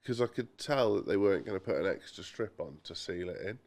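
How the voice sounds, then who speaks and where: Deep-voiced man telling stories. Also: expressive, fairly quick, gravelly, a little mellow. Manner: chatty storyteller, quotes people in voices, mild swearing. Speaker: podcast co-host. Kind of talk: casual podcast chat.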